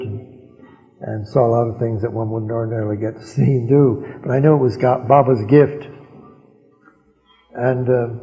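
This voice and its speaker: Older man, chuckling storyteller, muffled archival sound, long hall reverb. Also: medium pitch. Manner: rambling, chuckling often, many fillers. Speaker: speaker recounting memories to a gathering. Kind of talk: anecdotal storytelling talk. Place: large hall at a gathering.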